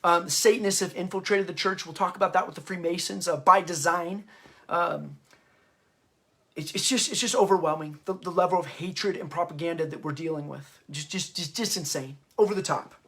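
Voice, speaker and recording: A man's voice: high-pitched, bright, forceful tone. A man hosting an unscripted history talk, impassioned and stirred up, often stopping and restarting mid-sentence. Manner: halting, often stops and restarts. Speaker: host and parenting author.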